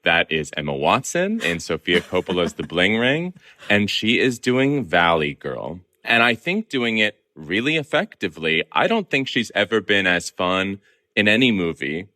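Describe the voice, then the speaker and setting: A man from Southern California joins a podcast as a reporter guest and lays out his views in an articulate, opinionated way. His voice sits very low, but the tone is bright and forward. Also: big pitch swings, moderate pace. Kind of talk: conversational podcast interview.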